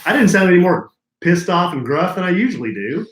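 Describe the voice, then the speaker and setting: Man co-host, lively pitch, jokey teasing, echoey studio. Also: fairly quick. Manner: joking, playful teasing. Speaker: podcast co-host. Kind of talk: casual chat.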